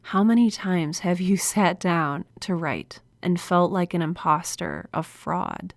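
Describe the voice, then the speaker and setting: A woman's voice: on the low side, big pitch swings, slow, creaky, no room sound. A woman hosting a solo podcast, talking in an earnest, confiding way with a smile in her voice, close to a microphone. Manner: earnest, confiding, smiling delivery. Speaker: podcast host. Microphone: studio microphone.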